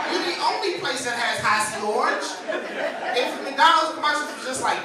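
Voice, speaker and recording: A man's voice: very high voice, a little fast. Laughing stand-up comic man, distant mic. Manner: animated, laughing storytelling with voiced impressions. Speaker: stand-up comedian guest. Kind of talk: stand-up comedy set. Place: small TV studio with a live audience. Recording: echoey room from far off with a loud crowd.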